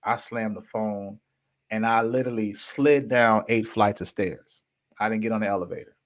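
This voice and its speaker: A man in his fifties, a podcast host, telling a personal story in an animated, emphatic way with casual slang. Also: on the low side, moderate pace.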